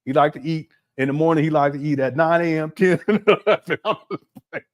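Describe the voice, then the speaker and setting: A man's voice: fairly high pitch, a little fast, dull audio. A man hosting a livestream, commenting casually and mockingly while laughing often. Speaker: livestream host.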